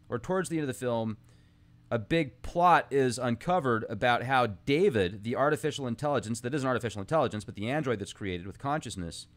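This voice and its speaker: A man's voice: mid-range voice, a bit bright. Rambling man musing aloud on a podcast. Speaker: podcast host. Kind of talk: casual monologue, reading ancient texts aloud.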